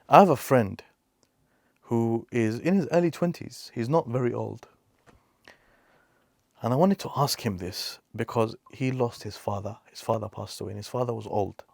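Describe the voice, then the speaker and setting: Earnest man with a gravelly voice. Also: fairly low pitch, darkish tone, dry recording, clean studio sound. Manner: emphatic, repeats key phrases for stress. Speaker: reaction video host. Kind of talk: earnest advice monologue.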